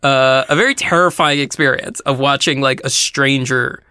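A woman's voice: moderate pace, smooth, dry recording, clean studio sound. A woman co-hosting a podcast, telling a long story in casual talk and acting out the people in it. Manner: animated storyteller, acts out other people's voices with big pitch jumps. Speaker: podcast co-host.

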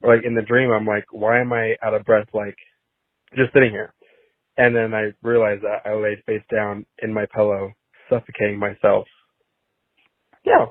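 A man's voice: fairly low pitch, level tone, moderate pace, long pauses. Rambling male caller on a tinny phone line. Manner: rambling, heavy use of filler "like". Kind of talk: call-in voicemail.

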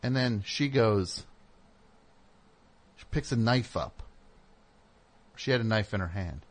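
A middle-aged man hosting a show, telling a casual story and acting out the people in it with sudden loud outbursts. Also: lowish voice, takes it slowly. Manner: animated, acts out voices with loud outbursts. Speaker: host.

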